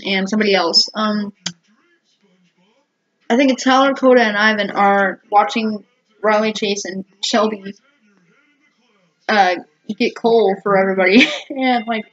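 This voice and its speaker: A woman vlogger chatting casually to camera, rambling and giggling with lots of fillers and restarts. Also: mid-range voice. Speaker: vlogger reviewing a TV episode. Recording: dull lo-fi home recording.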